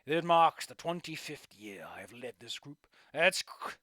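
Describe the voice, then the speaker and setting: A man's voice: on the high side, lively intonation, a little slow, sharp tone, dry recording, studio quality. A man voicing an old male raptor fire performer, grand and theatrical, handing over leadership. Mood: grandiose. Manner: grand theatrical showman speech.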